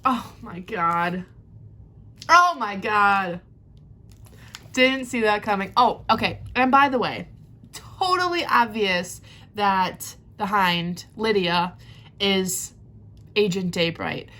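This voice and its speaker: A woman giving a casual reading vlog reaction, excitable and rambling, gasping and squealing at plot twists. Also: medium pitch, slow, long pauses. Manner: rambling recap with many fillers. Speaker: book vlogger.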